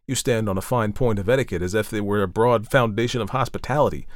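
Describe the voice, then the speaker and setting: A kindly, amused older mother who scolds fondly and gently, as a man reads her. The voice is low and the recording dry, with no room sound. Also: quick pace, dry recording, natural voice. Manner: gently chiding and fond.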